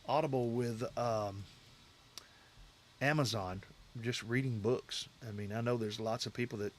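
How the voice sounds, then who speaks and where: A man's voice: mid-range voice, fairly even intonation, measured pace, slight background noise. Rambling man chatting on a livestream. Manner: rambling, talks to chat viewers directly. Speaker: livestream host. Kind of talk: casual livestream chat.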